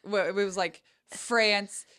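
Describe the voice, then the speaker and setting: A woman's voice: mid-range voice, fairly even intonation, slow pace, bright, forceful tone, clean tone. A woman hosting a podcast, chiming in supportively and finishing her guest's sentences. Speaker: podcast host. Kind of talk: casual interview chat.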